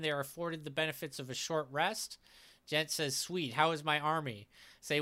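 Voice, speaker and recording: A man runs through a tabletop game session as its game master, reading out what each player said. His voice is bright, crisp and a little high, and his talk is casual and full of small restarts.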